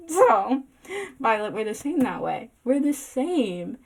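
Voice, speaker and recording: A woman's voice: a little high, big pitch swings, slow, darkish tone. A woman giving a casual slideshow vlog about a book, giggly, rambling and self-deprecating. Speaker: booktok vlogger.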